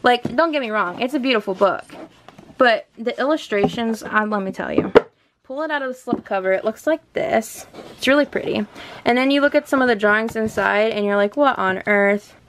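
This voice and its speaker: A woman's voice: on the high side, a little fast, background noise. A young woman chatting casually in a book vlog, gushing and chatty as she shows her shelves at home. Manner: gushing and chatty, often laughs. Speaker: book vlogger. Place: home room by a bookshelf.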